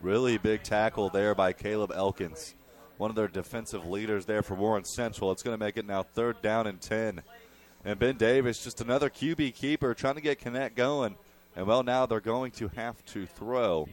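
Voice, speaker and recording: A young man giving color commentary on a high school football game, explaining play calls like a coach. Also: moderate pace.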